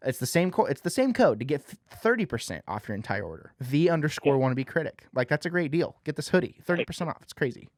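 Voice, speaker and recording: A man hosting a casual podcast, talking in an animated way with lots of "you know" fillers. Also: fairly high pitch, quick pace, few pauses, no echo, clean studio sound. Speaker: podcast host.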